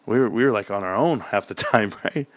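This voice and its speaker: A man's voice: brisk, no echo. A man telling a childhood story in casual chat, laughing often and acting out voices. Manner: animated, acts out childhood voices in a high excited pitch.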